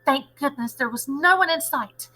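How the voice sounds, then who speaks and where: A teacher reads a children's novel aloud with lively expression. Her voice is high and bright, and she keeps the story moving with animated narration. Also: normal speed, slight background noise, poor audio.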